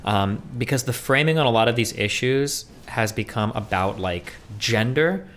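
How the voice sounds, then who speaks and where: A man's voice: medium pitch, animated, moderate pace, fairly bright tone. A man hosting a casual discussion, thinking aloud with loose fillers. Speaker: host.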